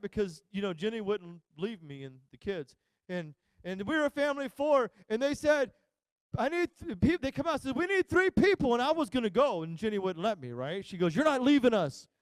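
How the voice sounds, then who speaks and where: A pastor preaches with a strikingly high, smooth voice, recorded close and dry. He tells a family story with lively energy and acts out each person's lines. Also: dry recording. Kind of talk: sermon. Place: church sanctuary.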